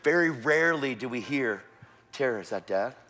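A man's voice: medium pitch, normal speed. A man with a Texan accent preaching a sermon in a church, telling stories animatedly and acting out the voices of the people in them. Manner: animated storytelling with quoted voices. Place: church sanctuary.

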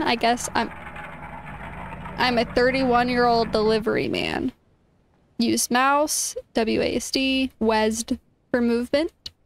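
A woman's voice: fairly high pitch, gravelly. A young woman streaming a game, chatting casually, reading game text aloud and exclaiming often. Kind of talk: casual gameplay commentary.

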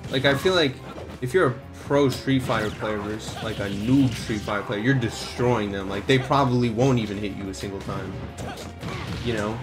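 A young man chatting casually while streaming a game, slangy and excitable, swearing freely. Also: lowish voice, normal speed. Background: game music.

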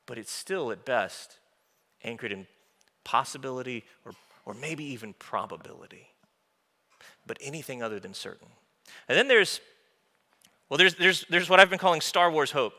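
A male pastor preaching an informal, animated sermon in a church, with joking asides to the congregation. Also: mid-range voice, normal speed, pauses often. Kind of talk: conversational sermon. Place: church sanctuary. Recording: long hall reverb from a church room.

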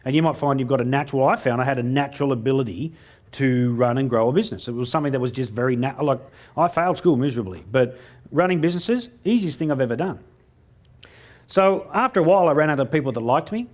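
A middle-aged Australian motivational speaker delivers a keynote to a live crowd, talking fast in a medium-pitched voice. He tells cheeky stories, playing both sides of each conversation and landing jokes with a punchline rhythm.

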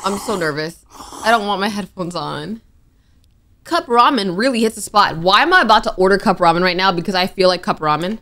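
A woman's voice: medium pitch, lively intonation, fairly quick, a bit bright. A young woman narrating her own horror game play, jumpy and nervous, reacting with gasps and worried asides. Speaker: gaming streamer. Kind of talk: let's play commentary.

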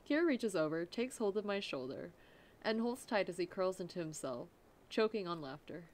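A woman's voice: lowish voice, expressive, normal speed, a little mellow. A young woman reads a visual novel's text aloud in an easy, casual way. She often stops to laugh and add her own comments on the story. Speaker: let's play narrator.

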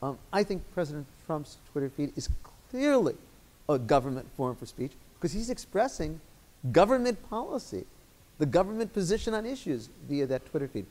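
A man with a Chicago accent, a guest lecturer giving measured, articulate legal answers in a law school lecture room. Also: fairly high pitch, lively intonation, dark tone. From Chicago, United States.

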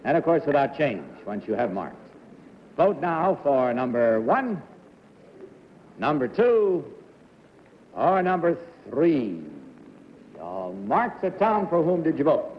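Formal game show host on old TV. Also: male voice, a little high, very animated, takes it slowly, pauses often, slight background noise. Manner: smooth, formal. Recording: dull 1960s TV recording in a reverberant studio.

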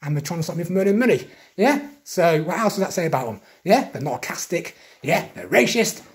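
A man's voice: on the high side, sing-song. A man giving an agitated monologue, listing grievances and names and ending almost every phrase with a questioning "yeah?". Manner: accusatory, lists names and grievances in rapid repetition. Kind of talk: monologue vlog.

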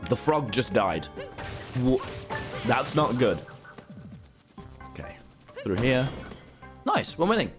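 A man streaming a game live, excitable and swearing as he jokes with his chat. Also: mid-range voice, takes it slowly, pauses often, over music. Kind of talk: live gameplay commentary.

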